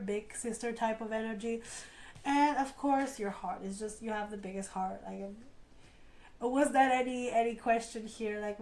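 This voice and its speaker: A woman chats through a tarot reading, talking straight to her viewers and cheering them on. Her voice sits fairly high, yet she speaks in a lowered tone with a light vocal fry. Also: a little mellow, poor audio. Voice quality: lower tone than usual, slight vocal fry. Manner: chatty, encouraging, speaks to viewers directly. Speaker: tarot reader. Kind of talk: casual spoken tarot reading.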